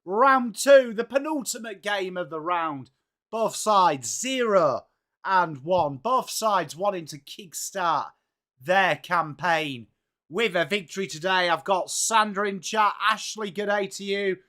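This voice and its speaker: English man, livestream host, casual chat, upbeat, greets viewers by name, slightly high voice. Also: expressive, measured pace, sharp tone. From England. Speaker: livestream host of a football watchalong.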